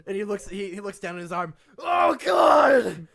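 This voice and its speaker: A man's voice: high-pitched, level tone, fast, a faint crowd. A man running a tabletop game as game master, narrating with frequent laughs and repeated words.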